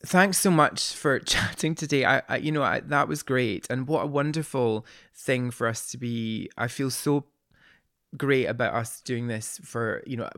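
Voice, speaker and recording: A man's voice: mid-range voice, moderate pace, a bit bright, dry recording, studio quality. A man hosting a podcast, effusive and rambling, with many restarts in a casual chat. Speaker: podcast host.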